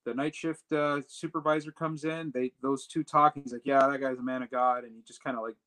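Man, casual storytelling, animated, acts out dialogue, mid-range voice. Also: medium pitch, a little fast, poor audio. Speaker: storyteller recounting a personal trip.

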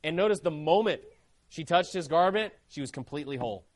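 A man's voice: fairly high pitch, lively intonation, a little fast. A man preaching a sermon, fervent and emphatic.

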